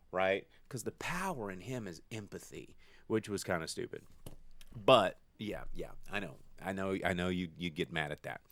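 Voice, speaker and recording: A man co-hosting a casual movie-review podcast, rambling and animated, acting out lines in silly voices. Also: lowish voice, dry recording. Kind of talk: casual chat. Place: studio.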